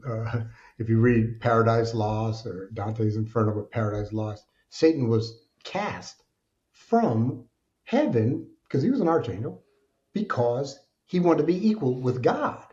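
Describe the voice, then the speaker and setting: Animated man telling his story, dark tone. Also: medium pitch, a little slow, lo-fi sound. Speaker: podcast guest. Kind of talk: candid storytelling interview.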